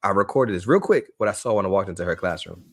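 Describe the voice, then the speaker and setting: A man's voice: low voice, expressive, quick pace. A man leading a live online teacher workshop, upbeat and eager, often repeating himself and asking the audience rhetorical questions. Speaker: education workshop presenter.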